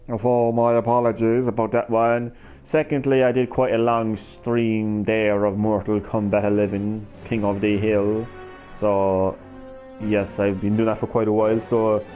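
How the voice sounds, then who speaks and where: A man chatting to viewers on a live stream, rambling, stammering and swearing casually as he swings between hyper and drowsy. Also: on the low side. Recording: slightly dull lo-fi stream audio.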